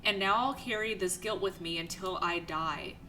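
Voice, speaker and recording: A woman's voice: medium pitch, normal speed, sharp tone, a little hiss or hum, poor audio. A young woman hosting a let's play, reading the game's text aloud between her own reactions.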